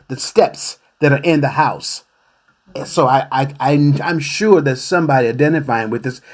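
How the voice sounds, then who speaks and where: A man hosting a radio interview show, reflective and halting, searching for his words as he goes. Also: mid-range voice. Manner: reflective, hesitant with many fillers and restarts.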